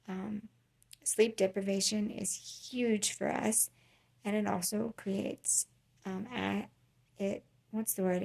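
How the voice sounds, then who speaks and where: A woman talking casually to camera in a personal vlog, pausing often with ums and restarts, earnest and a little tired. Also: mid-range voice, gravelly, a little mellow. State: tired, unwell. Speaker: vlogger.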